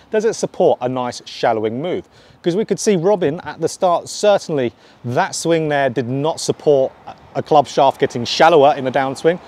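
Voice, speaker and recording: A man's voice: on the high side, a little mellow. Man explaining a golf swing lesson. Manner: explanatory, counts points off. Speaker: golf coach.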